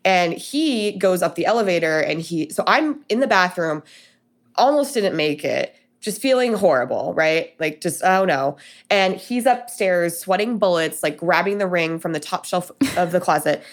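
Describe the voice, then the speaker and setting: A woman's voice: fairly low pitch, animated, normal speed. Chatty young woman telling a story. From Denver, USA. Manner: chatty, many fillers and quoted dialogue. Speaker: guest telling her story. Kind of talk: casual storytelling.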